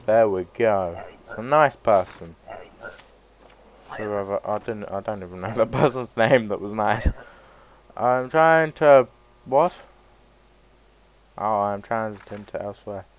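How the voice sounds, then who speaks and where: A man giving sweary, excitable let's play commentary, breaking into loud yelps between muttered remarks. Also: lowish voice, lo-fi sound, a little hiss or hum. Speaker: gaming YouTuber.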